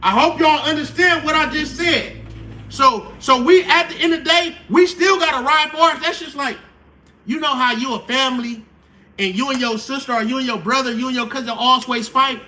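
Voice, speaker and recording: A man's voice: very high-pitched, normal speed, sharp tone, far from the mic. A man hosting a casual livestream, talking in slangy, profane speech and repeating his points to drive them home. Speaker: channel host.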